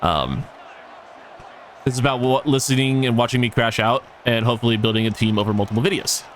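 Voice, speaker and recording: A man's voice: medium pitch, brisk, a little hiss or hum. A man giving casual gameplay commentary, swearing and ranting at the game with exasperation. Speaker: gaming YouTuber.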